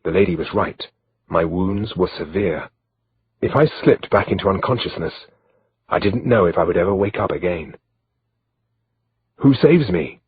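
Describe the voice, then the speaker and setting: A man narrating an audiobook in first person with a measured, steady delivery, in a slightly dull lo-fi recording. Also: sits low, breathy edge, no echo.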